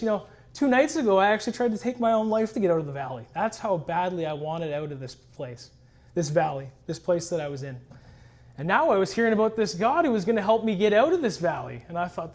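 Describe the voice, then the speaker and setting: A man's voice: high-pitched, fast. A man sharing his personal testimony in an earnest, reflective storytelling way. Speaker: church member giving a testimony.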